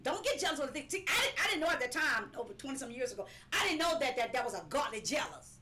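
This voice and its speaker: A woman's voice: high-pitched, very animated, quick pace, bright, forceful tone. A woman preaching a live-streamed sermon, emphatic and repetitive, sometimes breaking into laughing cries.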